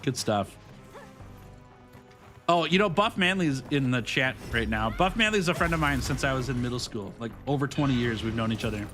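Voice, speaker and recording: A man in his thirties, a gaming streamer, chatting casually with his live viewers, upbeat and quick to laugh. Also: medium pitch, animated, bright, forceful tone, faint music behind.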